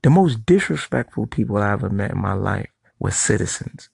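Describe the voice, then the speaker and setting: Middle-aged guy vlogging, blunt cursing street talk, husky voice, dry sound. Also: lowish voice, expressive, a little fast, darkish tone, no echo. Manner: storytelling. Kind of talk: casual monologue to camera.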